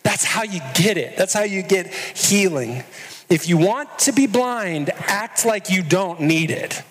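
A man's voice: high voice, animated, a little slow, fairly bright tone, big-room sound, rough recording. A man preaching a sermon as pastor, earnest and putting direct questions to his listeners.

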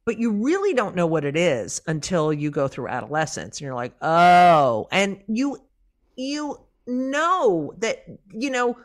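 A middle-aged woman comedian, a guest on an interview show, chats casually in a mid-range voice at a slightly slow pace. She's an animated storyteller who tells her tales with lots of energy, acting out the people she quotes in their own voices and swearing freely.

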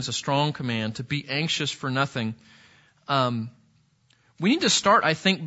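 A man delivers a sermon in an earnest, conversational manner, stumbling and restarting as he works through his points. His voice sits a little high and sounds bright and forward. The recording is dull and lo-fi. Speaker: pastor.

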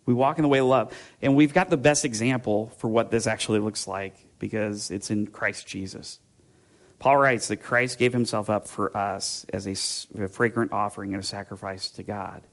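Speaking on the low side with fairly even intonation and a moderate pace, a man gives a conversational sermon. He meanders through personal stories, using fillers, restarting, and cutting himself off, then turns to scripture.

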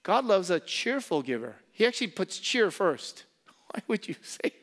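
Male pastor, high voice, preaching sermon, impassioned, soft asides between loud emphasis. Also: sing-song, normal speed. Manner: repeats key phrases for emphasis.

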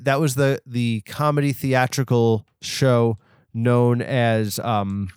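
A man's voice: mid-range voice, steady tone, takes it slowly, darkish tone, smooth, dry recording, studio quality. A man hosting a podcast, chatting casually and rambling with lots of fillers and restarts. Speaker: podcast host. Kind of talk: casual chat.

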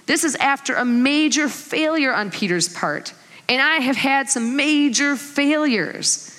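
Speaking at a measured pace in a high voice, a middle-aged mother preaches a sermon with a long echo hanging after her words. She brings her stories to life with laughs and acted-out voices.

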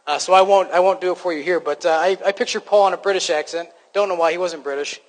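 A man's voice: sits high, steady tone, fast talker, big-room sound, rough recording. A man preaching a sermon to his congregation in a conversational, self-deprecating way, often restarting his sentences. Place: church hall.

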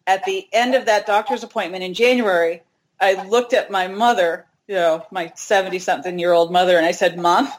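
In a rough recording, a woman in her forties tells a personal hiking story with candid, chatty self-deprecating humor. She's an interview guest with a steady, mid-range voice and a brisk delivery.

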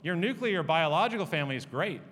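A man preaching a sermon, telling the story in a conversational, animated way with fillers and asides. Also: on the high side, fast, in a large hall. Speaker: pastor.

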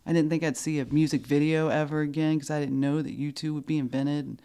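A woman telling a story in a casual chat, animated and laughing often, acting out what people said. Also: deep voice, fast, smooth.

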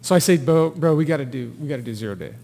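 A man's voice: a little high, very fast, vocal fry, long reverb tail, slight background noise. Man telling a trail story with feeling. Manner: animated storyteller who acts out quotes and laughs. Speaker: podcast guest, thru-hiker. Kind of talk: casual storytelling interview.

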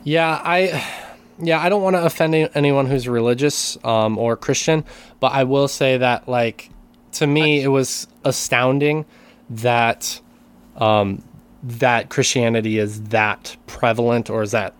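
Male co-host, middle pitch, hesitant and hedging, casual chat. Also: fairly even intonation, a little slow, smooth. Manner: hesitant, many restarts, careful hedging. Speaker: podcast co-host and teacher.

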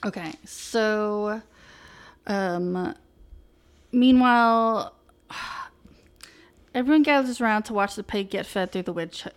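Woman, casual co-host, sarcastic, animated, swears, mid-range voice. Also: medium pitch, slow pace, pauses often, clean tone. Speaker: podcast co-host recapping a TV show. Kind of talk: casual chat.

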